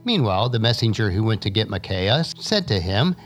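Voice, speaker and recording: A man's voice: brisk, faint music behind. A man reading a Bible passage aloud in a lesson, raising his voice for the quoted speakers, then moving on to an essay. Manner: expressive reading, lifting pitch for quoted speakers. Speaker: scripture reader and teacher.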